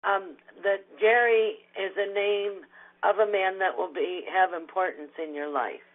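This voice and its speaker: A woman's voice: medium pitch, steady tone, a little slow. A woman giving an intuitive reading on a webcast, speaking in a hesitant, searching way. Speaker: intuitive reader. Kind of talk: casual psychic reading. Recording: tinny phone-like line.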